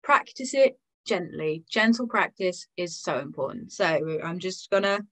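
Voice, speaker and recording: A woman with an English accent leading an online singing lesson, gently encouraging and demonstrating sounds aloud. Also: on the low side, lively intonation, unhurried, poor audio. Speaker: singing teacher.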